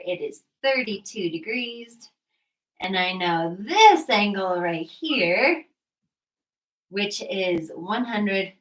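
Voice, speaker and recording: A woman's voice: medium pitch, a bit bright. A woman teaching a live online math lesson, bubbly and encouraging, chatting with viewers between steps. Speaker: GED math tutor. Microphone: webcam.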